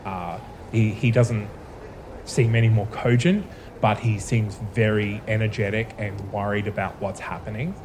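A man running a tabletop game, narrating slowly with halting pauses and fillers. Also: on the low side, steady tone, background noise. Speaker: game master.

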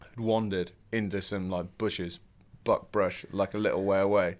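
A man's voice: low-pitched, fairly even intonation, moderate pace. A young man from England, a podcast guest, telling a story in a laid-back way with lots of fillers and frequent laughter. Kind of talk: casual storytelling.

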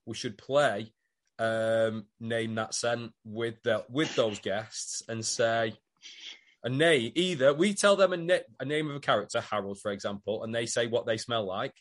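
A man's voice: mid-range voice, a little slow. A man co-hosting a podcast in casual, rambling chat. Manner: chatty, rambling, with fillers. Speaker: podcast co-host.

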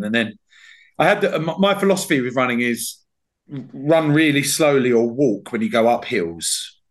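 A man with a lively, swooping voice tells a story in a relaxed podcast chat. He swears freely and keeps breaking into laughter, and his pitch rises and falls a lot while he talks. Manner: sweary, animated, laughs while telling stories. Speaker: podcast host.

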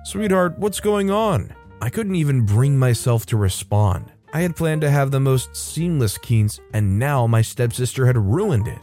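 Man, storytime narrator, mellow warm voice, steady reading, faint music behind. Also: mid-range voice, normal speed, hardly any pauses. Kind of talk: scripted narration of a reader story.

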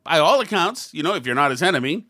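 Bright-voiced sarcastic talk show commentator. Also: mid-range voice, animated, quick pace. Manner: rambling, sarcastic, mimics others in quotes; frequent restarts and asides.

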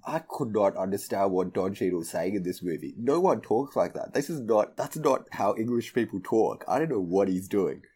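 A man's voice: on the low side, lively intonation, moderate pace, hardly any pauses, dark tone, breathy edge. A man co-hosting a casual film podcast, laid-back, swearing freely and laughing easily. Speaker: podcast co-host.

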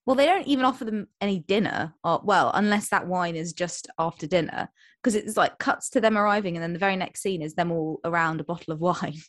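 A young woman co-hosting a podcast in casual chat, retelling plots with quick quoted voices. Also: fairly low pitch, no echo. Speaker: podcast co-host.

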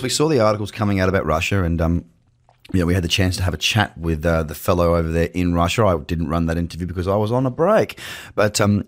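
A man hosting a crypto show, talking casually and chattily to camera from his office, with jokey asides. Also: low-pitched. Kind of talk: casual market commentary to camera. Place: home office with screens. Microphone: webcam setup.

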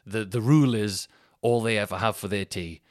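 A man, talking in a fairly low voice as he rambles through a chatty solo podcast story. He keeps going off on tangents and laughing at his own anecdotes. The sound is dry and close. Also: normal speed, no room sound. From Northeast England. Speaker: podcast host.

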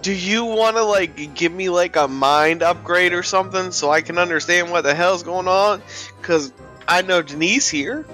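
A man's voice: high-pitched, moderate pace, sharp tone, soft background music. A man playing a tabletop game, narrating his character with incredulous swearing and laughter. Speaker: player.

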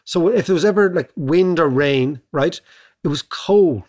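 A middle-aged Irish man talks in a relaxed podcast chat, his voice sitting a little higher than most men's. He thinks out loud and often tags a quick "right?" onto his points. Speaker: podcast co-host.

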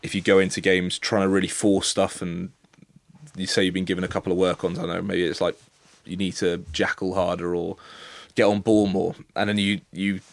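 A man in his thirties, a guest on a sports podcast, thinking aloud in a relaxed, hesitant way. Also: low voice, a little fast, vocal fry, dry recording. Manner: thoughtful, hesitant restarts. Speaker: guest, international rugby player. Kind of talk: casual interview chat.

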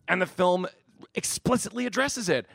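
An excitable man on a podcast rattles on about films in a slightly high voice, swearing freely and breaking into laughter. The sound is close and dry, with no room around it. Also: moderate pace, gravelly, no echo. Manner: excitable, profane, laughs often. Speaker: podcast co-host. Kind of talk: casual podcast chat.

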